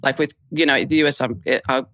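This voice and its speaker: A woman's voice: extremely low pitch, fast, a bit bright, no room sound. Chatty, sympathetic woman co-hosting a podcast, dry recording. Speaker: podcast co-host. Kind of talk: casual podcast chat.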